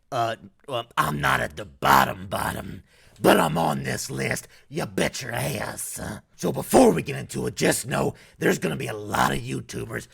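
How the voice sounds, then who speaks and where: YouTuber, man from North Carolina, Southern accent, raspy fry-heavy voice, crude casual commentary. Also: medium pitch, fairly bright tone. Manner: crude, profane and blunt.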